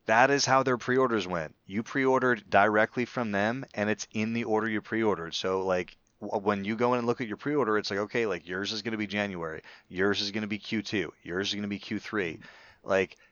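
Smooth-voiced man chatting casually. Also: lowish voice, steady tone, fairly quick, fairly bright tone, no echo, highs cut off. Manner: chatty, rambling with many restarts. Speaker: podcast co-host. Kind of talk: casual chat.

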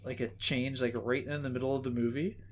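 A man's voice: medium pitch, little pitch movement, fairly quick, a little hiss or hum. Easygoing man in casual movie chat. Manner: easygoing, lots of "like". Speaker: podcast co-host.

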